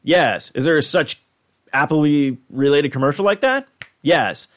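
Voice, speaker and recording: An insecure middle-aged dad with a high, pleading whine, as a man puts him on. He begs and hopes in a nasal, cartoonish voice pitched well above the man's normal speech. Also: expressive, unhurried, a bit bright. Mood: hopeful.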